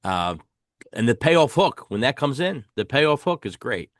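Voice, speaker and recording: A man's voice: mid-range voice, sing-song, unhurried, no room sound, clean studio sound. Enthusiastic man hosting a casual review. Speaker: podcast host. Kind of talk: casual album review chat.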